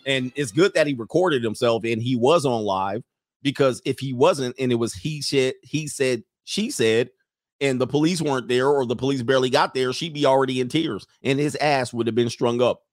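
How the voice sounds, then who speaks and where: A man's voice: medium pitch, moderate pace, no echo, studio quality. A man hosting a commentary show who reacts to a clip and makes his points emphatically, hammering them home by repeating them. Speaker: host.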